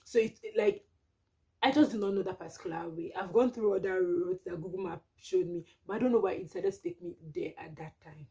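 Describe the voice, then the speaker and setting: Animated Nigerian woman telling a story. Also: fairly low pitch, brisk, vocal fry. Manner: animated, dramatic retelling with exclamations. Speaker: vlogger. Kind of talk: storytime vlog.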